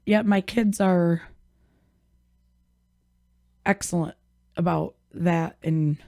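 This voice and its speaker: A woman's voice: on the low side, drawn-out words, dark tone, no echo, studio quality. A woman guesting on a podcast, chatting casually in an easygoing, agreeable way. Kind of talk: casual chat.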